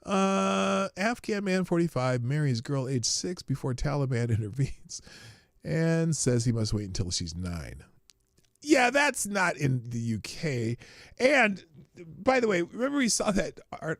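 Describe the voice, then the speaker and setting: Gravelly guy ranting on his morning stream, sarcastic, super dry close mic. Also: on the high side, sing-song, measured pace, dry recording. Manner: sarcastic, exasperated, reads viewer comments aloud. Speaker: livestream host. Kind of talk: casual commentary livestream.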